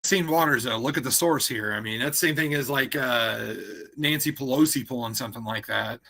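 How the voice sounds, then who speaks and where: Bright-voiced emphatic male co-host. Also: mid-range voice, fairly quick, vocal fry. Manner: emphatic, dismissive of rumors. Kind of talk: casual political chat.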